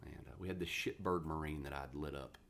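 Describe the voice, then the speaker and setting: Deep-voiced guy in his 40s from west virginia, blunt and cussing a lot, telling old marine stories. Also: fast talker, slight background noise. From West Virginia, USA. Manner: blunt, profane, animated storyteller. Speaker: podcast guest, retired Marine. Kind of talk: casual interview storytelling.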